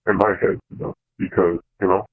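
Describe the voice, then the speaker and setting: A young man speaks over a tinny phone line, his voice deep and held to a narrow, even pitch. He is confiding a hard personal experience as a caller. His delivery is halting, full of fillers and false starts. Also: breathy edge. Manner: halting, hesitant, many fillers and restarts. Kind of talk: personal confession on a call-in show.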